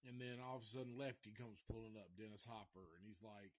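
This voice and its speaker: A man's voice: fairly low pitch, fast talker. A man casually recapping a movie live, rambling and profane, and chuckling often as he goes. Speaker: movie reviewer.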